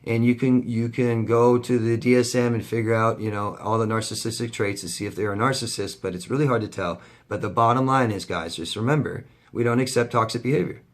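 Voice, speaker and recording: A man in a middle pitch gives an impassioned vlog rant to camera. He swears freely and hammers his points home by repeating them. The delivery is blunt and heated, like a coach laying down the law. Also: steady tone, a little fast, few pauses. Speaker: life coach.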